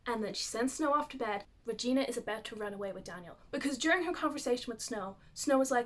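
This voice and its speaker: A woman's voice: a little high, expressive, a little fast. A woman giving a casual, chatty plot recap with lots of "like" fillers. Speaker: youtuber.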